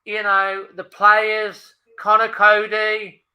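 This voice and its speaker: A man's voice: high-pitched, completely flat delivery, slow pace, highs cut off. A man hosting a live fan watchalong, speaking casually and emotionally as he holds back tears and repeats himself. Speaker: fan channel host. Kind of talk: live match watchalong commentary.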